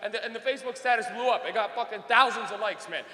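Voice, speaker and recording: Rapid-fire and sharp in tone, a young man with a high voice works a club stage. He's a brash, profane storyteller who laughs through his comedy set, heard in an echoey space with long reverb.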